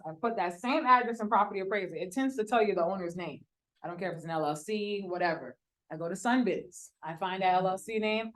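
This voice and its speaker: Chatty woman teaching a live workshop. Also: mid-range voice. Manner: casual, chatty, uses slang and acted-out quotes. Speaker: real estate wholesaling instructor. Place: room with a live audience.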